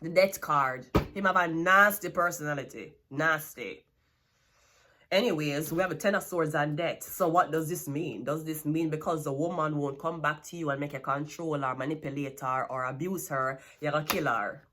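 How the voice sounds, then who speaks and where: A woman's voice: low voice, normal speed, bright, forceful tone. A Jamaican woman giving a tarot reading, blunt and scolding, with plenty of swearing. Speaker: tarot card reader.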